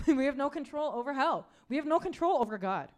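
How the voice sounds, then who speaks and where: A woman preacher gives a casual, conversational sermon, sprinkling in "like" and "right?" and repeating key phrases for emphasis. Her voice is high and expressive, and her delivery brisk.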